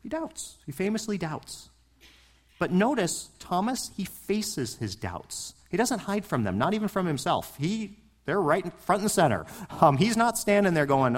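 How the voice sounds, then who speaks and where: A man's voice: high-pitched, big pitch swings, moderate pace. A man preaching a sermon in a passionate, conversational way, asking his listeners questions and building to emphatic points. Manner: passionate, rising and falling emphasis. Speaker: pastor.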